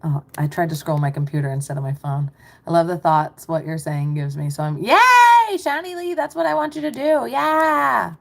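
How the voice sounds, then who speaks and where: Low-voiced woman coaching on a livestream. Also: expressive, brisk, gravelly. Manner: warm, reassuring, chatty, reads chat aloud. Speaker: mindset business coach.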